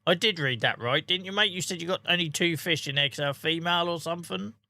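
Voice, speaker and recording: Bright-voiced male streamer. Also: fairly high pitch, fast talker, no echo. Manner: jokey banter, reads out and answers chat, laughs often. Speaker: live streamer. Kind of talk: casual live-stream chat over gameplay.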